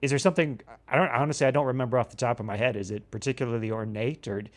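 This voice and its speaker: A man's voice: medium pitch, steady tone, rapid-fire. A man co-hosting a podcast in casual chat, giggly and playful as he coaches his co-host's pronunciation. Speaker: podcast co-host.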